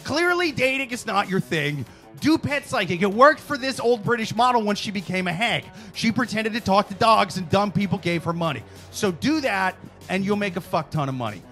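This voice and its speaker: A man hosts a loose comedy chat with a high, sharp, bright voice. He tells stories in an animated, profane rush. Music plays clearly behind him. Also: moderate pace. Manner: animated storyteller, swears freely. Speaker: podcast host.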